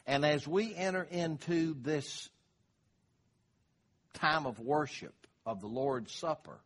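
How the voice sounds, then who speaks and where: A man's voice: a little high, takes it slowly, a bit bright, slightly rough. An older man, preaching a sermon in a folksy, conversational way. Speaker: pastor.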